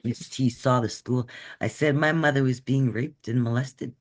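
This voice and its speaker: A woman's voice: rumbling low, moderate pace. Woman guest speaker on a video call; earnest, conversational, checks in with the room. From Canada. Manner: earnest, checks in often with "right?". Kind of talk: conversational workshop talk.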